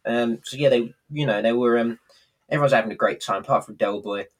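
Husky man, rambling podcast chat. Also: mid-range voice, brisk. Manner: rambling, hesitant, laughs at himself. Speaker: podcast co-host. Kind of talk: casual chat.

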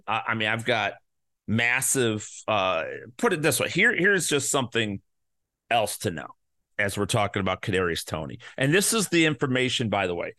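A man hosting a podcast, rattling off statistics in an animated, ranting monologue and swearing often. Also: mid-range voice, dry recording, clean studio sound. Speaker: podcast host. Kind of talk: fantasy football podcast monologue.

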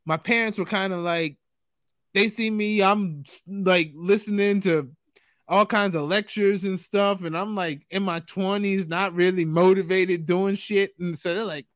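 A man with a notably high voice reflects in a relaxed, rambling way, full of fillers. The sound is dry and close. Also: measured pace, no echo. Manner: reflective, loose, lots of fillers. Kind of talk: casual podcast conversation.

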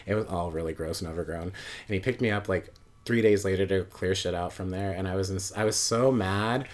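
Low-voiced and brisk, a guest storyteller in his late twenties rambles through a personal anecdote in a casual way, sprinkling in plenty of fillers and asides.

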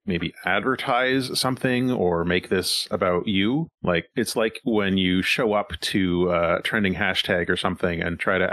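A man's voice: low-pitched, fairly bright tone, no echo. A man acting as game master, narrating a tabletop game in a rambling way with frequent fillers and chuckles. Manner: rambling, chuckling, thinks aloud with many fillers.

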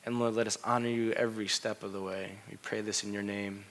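A middle-aged male pastor preaching a sermon with passion, his voice swinging from hushed to loud exclamations. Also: lowish voice, flat delivery, brisk, slight background noise.

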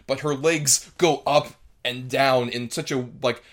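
A man's voice: mid-range voice, steady tone, measured pace. A man co-hosting a casual film podcast, talking thoughtfully and analytically with plenty of filler words. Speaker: podcast co-host.

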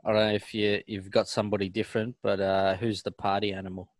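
A man with a low voice co-hosts a casual podcast and tells stories in an easygoing, chatty way. His voice sounds dry and close to the mic. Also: flat delivery, fast, no echo. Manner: easygoing storyteller. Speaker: podcast co-host.

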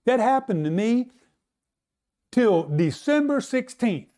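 A man's voice: very high voice, very animated, takes it slowly, dark tone. A man preaching, telling a personal testimony in an earnest storytelling way and speaking straight to his congregation. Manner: earnest storytelling, addresses audience directly. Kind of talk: sermon testimony.

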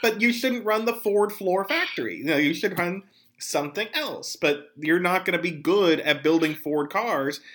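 Man, podcast host, bright tone, animated, joking asides. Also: high voice, moderate pace. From Pennsylvania. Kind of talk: casual political chat.

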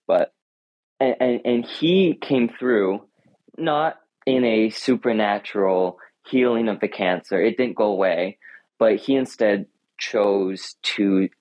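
A man's voice: fairly low pitch, no echo, highs cut off. A teenage boy answering interview questions in a thoughtful, earnest way, often restarting his sentences. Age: teens. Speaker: high school runner and guest.

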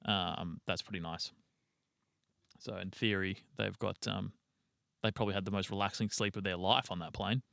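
A man's voice: sits low, steady tone, moderate pace, gravelly, a bit bright, dry recording, studio quality. A young man, co-hosting a casual sports podcast and rambling through team news with casual swearing. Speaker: podcast co-host.

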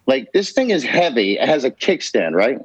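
A man's voice: mid-range voice, huge pitch swings, moderate pace, gravelly, husky, no room sound. A man telling a rambling, emphatic personal story on a podcast, swearing freely. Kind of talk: casual storytelling. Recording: dull, lo-fi podcast audio.

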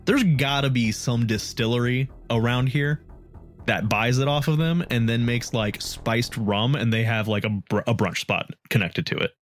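A man's voice: mid-range voice, normal speed, soft background music. A man playing in a tabletop role-playing game, chatting casually with dry, wry humor. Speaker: player.

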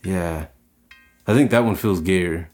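A man's voice: low voice, takes it slowly, darkish tone. Man, podcast co-host, loose and rambling, heavy on "like" and swearing, faint guitar music underneath. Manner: rambling, profane, many filler likes. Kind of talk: casual chat.

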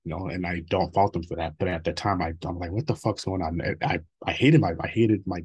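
A man in his thirties with a low, husky voice speaks quickly in a candid interview. His talk is blunt and full of swearing, and he laughs between stories. He has a rough edge and a rapid pace. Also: fairly even intonation, a little mellow. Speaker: interview guest.

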